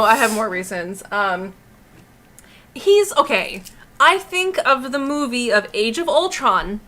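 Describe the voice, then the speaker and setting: A young woman co-hosting an art livestream, ranting in a heated, profane, animated way and laughing often. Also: a little high. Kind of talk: casual livestream rant.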